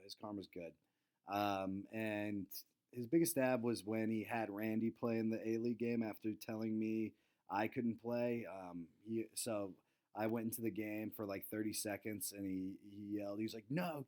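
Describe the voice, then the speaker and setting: A man's voice: fairly low pitch, dark tone. A young man hosting a casual fantasy football recap, laid-back, with lots of ums and fillers. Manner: laid-back, lots of ums, quotes friends in raised voices. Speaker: fantasy football league host.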